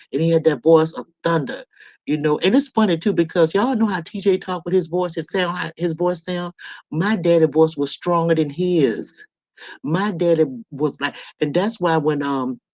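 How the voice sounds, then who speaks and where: A woman's voice: sits low, a little mellow, no echo. A middle-aged woman hosting a casual livestream from home on her laptop, telling stories to her viewers in a chatty, salty way. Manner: chatty storyteller, swears, addresses viewers. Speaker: livestream host. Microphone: laptop microphone. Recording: dull lo-fi laptop audio.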